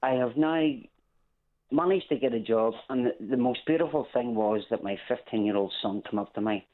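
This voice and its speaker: A man from England calling in to a radio show, speaking earnestly and haltingly with many restarts. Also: medium pitch. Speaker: caller. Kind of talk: phone-in call. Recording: phone line.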